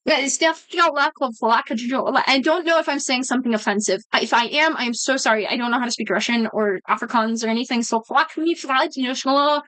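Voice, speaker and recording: A woman's voice: sits high, quick pace, hardly any pauses, a bit bright, no room sound, low-quality recording. A woman streamer chatting casually with her viewers, rambling, swearing freely and often breaking off mid-sentence. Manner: rambling, profane, self-interrupting. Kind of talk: casual livestream chat with viewers.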